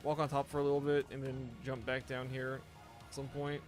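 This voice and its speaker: A man live-streaming a game, tired and rambling as he chats with his viewers. His voice sits at a middling pitch, and his sentences trip and restart. Faint music plays under his talk. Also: completely flat delivery, brisk. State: tired, yawning. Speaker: gaming streamer. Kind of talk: casual live-stream chat.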